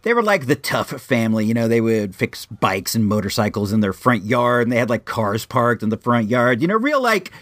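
A middle-pitched man in his forties, from Illinois, spins a loose personal story, circling back and restarting phrases. His voice sits close and dry, with no room sound at all. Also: brisk, few pauses, no room sound. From Illinois, USA. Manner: rambling, frequent restarts, animated. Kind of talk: casual spoken anecdote.

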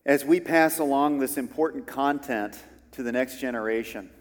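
A man preaches a sermon in an earnest, conversational manner, often restarting his sentences. His voice sits at an ordinary middle pitch. Long reverb from the church space trails behind his words. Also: normal speed. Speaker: pastor.

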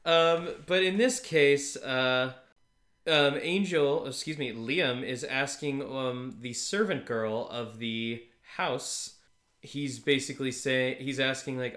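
A man's voice: medium pitch, takes it slowly, fairly bright tone, roomy sound. A man co-hosting a podcast in a casual chat, rambling and restarting his sentences, often breaking into laughter. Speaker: podcast co-host.

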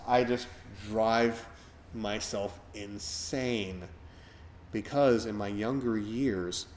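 A middle-aged man hosts a casual podcast chat in a lowish voice. He rambles and reflects, with many fillers and restarts. A faint hiss sits under the recording. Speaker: podcast host.

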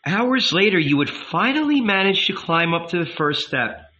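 Audiobook narrator, male, measured, bright tone, slightly muffled recording. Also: sits high, sing-song. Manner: measured, unhurried. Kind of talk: audiobook reading.

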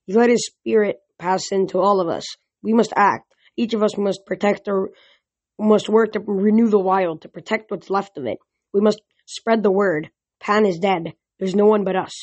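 A reader voicing a calm, earnest young male satyr in an audiobook. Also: medium pitch, moderate pace, no room sound, lightly acted.

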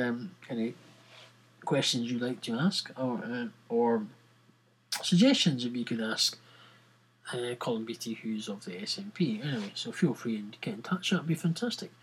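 A man's voice: mid-range voice, normal speed, husky, low-quality recording. A Scottish man hosting a podcast, rambling in casual chat with giggles and many fillers. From Scotland. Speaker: podcast host.

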